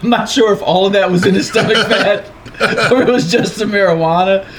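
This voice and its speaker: A man's voice: high-pitched, a little fast, over a noisy crowd. A man co-hosting a casual talk show, reading odd news items in an easygoing way with chuckles. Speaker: podcast co-host.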